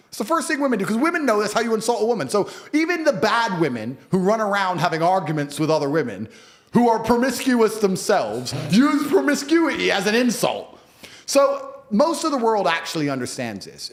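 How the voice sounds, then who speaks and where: A man giving blunt, emphatic opinions as a guest on an interview podcast. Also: medium pitch.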